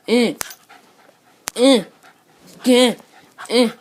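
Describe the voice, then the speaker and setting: A woman's voice: medium pitch, lively intonation, slow pace, pauses often. A woman talking casually to her pet dog in a home video, teasing and scolding it over and over, with playful growls. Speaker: dog owner.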